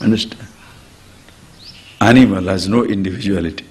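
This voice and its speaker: A man, a spiritual teacher giving a discourse to an audience, animated and chuckling often as he acts out everyday examples. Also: low-pitched, moderate pace.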